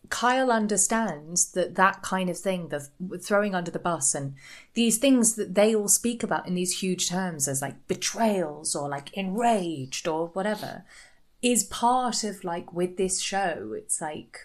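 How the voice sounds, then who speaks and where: A woman co-hosting a podcast in casual chat, wondering aloud and thinking through ideas, often saying "like". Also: mid-range voice. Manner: thoughtful, wondering aloud, many "like" fillers. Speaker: podcast co-host.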